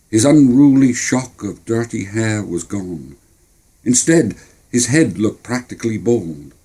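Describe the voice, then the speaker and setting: An older storyteller with a Cornish accent, recalling his childhood in a wry, plainspoken way. His voice is dark, husky and lively in its rise and fall. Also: lowish voice. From Cornwall. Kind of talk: storytelling memoir narration.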